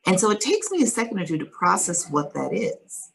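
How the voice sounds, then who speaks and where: A woman, a guest in an interview, calmly and reflectively retelling a personal story. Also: medium pitch, fairly quick, creaky, husky, rough recording.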